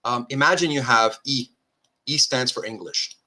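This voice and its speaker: A man with a pushed, bright, medium-pitched voice lectures on philosophy at a diagram at a moderate pace. He thinks aloud, often checks that listeners follow, and corrects himself with restarts and informal asides.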